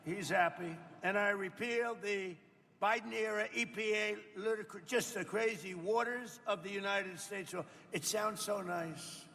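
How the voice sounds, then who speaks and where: A man's voice: high voice, a little slow, gravelly, bright, forceful tone. A man in his seventies giving a rambling, boastful off-the-cuff speech at a roundtable, repeating himself and talking directly to people in the room. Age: 70s. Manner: rambling, boastful, repetitive, with asides to the audience. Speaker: politician speaking at a roundtable. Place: event room with people around a table. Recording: reverberant hall sound.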